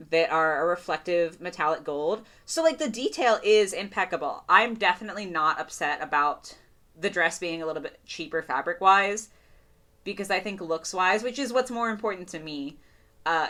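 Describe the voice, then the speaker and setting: A young woman giving a casual, gushing doll review, full of fillers and excited praise. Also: lowish voice. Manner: gushing, chatty, lots of "like" fillers.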